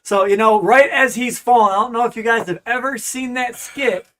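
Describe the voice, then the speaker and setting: A man's voice: very high voice, moderate pace, fairly bright tone. A man co-hosting a casual chat, eagerly cutting in to add his part. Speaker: co-host.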